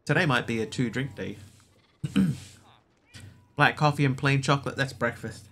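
A man's voice: mid-range voice, moderate pace, fairly bright tone. A man casually chatting and joking while he streams a building game. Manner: rambling, jokey, mock-pretentious pronunciations. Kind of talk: casual gameplay commentary.

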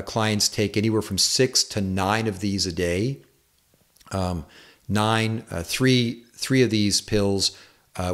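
A middle-aged man with a very deep, low voice talks straight to his viewers about health. He speaks unscripted and relaxed, pausing on "um" and "uh" and correcting himself as he goes. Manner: relaxed, unscripted, frequent fillers and self-corrections. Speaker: chiropractor giving health advice. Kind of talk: casual explanatory monologue to camera.

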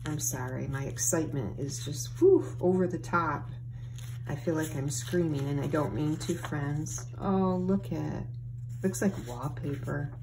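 A woman's voice: sits low, measured pace, noisy background. A woman papercraft vlogger unboxing craft mail and gushing over each item to her viewers. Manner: gushing, excited, often breathy exclamations. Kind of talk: casual unboxing chat to viewers.

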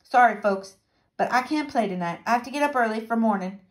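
A woman's voice: a little high, animated, fairly quick, natural voice. A woman voicing a friendly, modest young male trumpet player in a storybook read-aloud.

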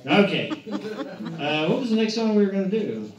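Joking pastor in an echoey room. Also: male voice, sits high, sing-song, moderate pace. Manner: rambling, joking, self-correcting. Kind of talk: casual church announcements and joke-telling. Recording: echoey, distant, muffled, with guitar music.

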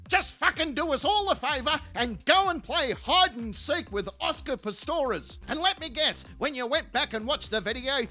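High, bright-voiced man ranting crudely. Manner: crude, insulting, profane. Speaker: commentary channel host. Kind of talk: comedic ranting commentary.

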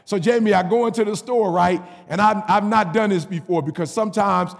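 Male pastor, animated sermon storytelling, gravelly voice, long hall echo. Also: high-pitched, a little fast. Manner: animated, repetitive call-and-response preaching. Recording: reverberant hall.

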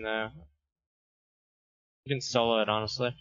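A man's voice: mid-range voice, fast talker, a bit bright. A man in casual voice chat during a game, joking and swearing loosely. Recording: dull lo-fi stream audio.

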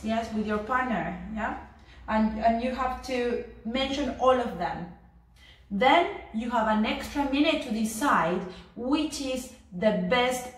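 A woman's voice: on the high side, a little hiss or hum. A woman teaching an English lesson, hesitant, with many fillers and restarts, whose native language is Spanish. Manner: acts out sample phrases in a livelier voice. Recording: very echoey room, a bit distant from the mic.

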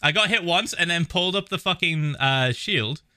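Brief: male streamer, raised pitch, casual reaction commentary, loose and profane. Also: normal speed, clear, resonant tone, no echo, studio quality. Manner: animated, swears a lot, laughs often.

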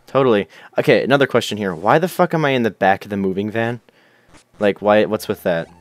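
A man's voice: lowish voice, a little fast, dry recording. A young man hosting a casual let's play, chatting loosely, swearing and reading game text aloud in silly voices. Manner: goofy, swears, shouts character names.

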